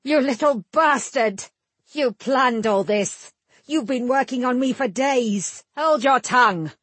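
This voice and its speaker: A woman voicing a desperate male warrior who shouts in rage. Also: high-pitched, slow pace, slightly rough, no echo, voice pushed up, full character voice. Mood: furious.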